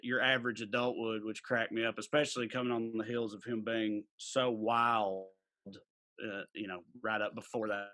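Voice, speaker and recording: A man's voice: on the low side, flat delivery, normal speed, pushed and bright. A man, co-hosting a podcast and telling a rambling story in casual chat. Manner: rambling storyteller with many fillers. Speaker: podcast co-host.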